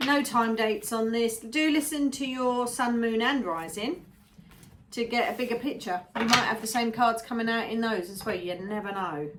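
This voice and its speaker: A woman's voice: fairly high pitch, normal speed, background noise. A woman giving a casual tarot reading, musing aloud and repeating phrases as she goes. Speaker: tarot reader.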